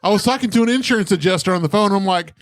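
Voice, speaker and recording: A man's voice: sits high, rapid-fire, background noise. A man co-hosting a podcast, telling stories in casual chat, swearing and laughing often. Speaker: podcast co-host.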